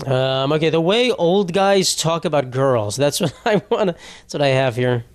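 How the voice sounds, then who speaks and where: Rambling, profane young podcast host. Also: male voice, a little high, expressive, moderate pace, no room sound. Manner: rambling and profane, with frequent restarts. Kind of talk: casual comedic monologue.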